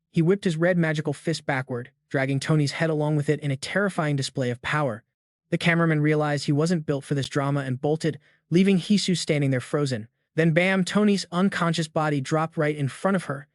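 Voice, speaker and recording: A man's voice: a little high, dry recording. Slangy male recap narrator, dry close sound. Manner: brisk, slangy storytelling.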